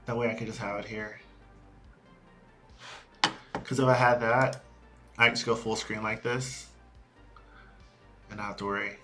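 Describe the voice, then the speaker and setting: A man streaming a quiet coding study session, talking to himself in halting bits as he works. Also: fairly low pitch, fairly even intonation. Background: soft music and keyboard typing.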